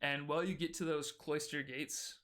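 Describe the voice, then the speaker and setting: A man's voice: on the high side, flat delivery, moderate pace, a bit bright. A man narrating a homebrew tabletop game as game master, with loose, casual storytelling full of fillers.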